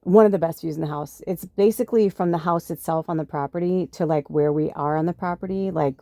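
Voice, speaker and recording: A woman with a low, soft-toned voice talks through a personal story for her podcast. She rambles casually, full of fillers and retold bits of conversation. The sound is close and dry. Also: creaky, no echo. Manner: chatty, full of fillers, quotes others in her own voice. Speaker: podcast host.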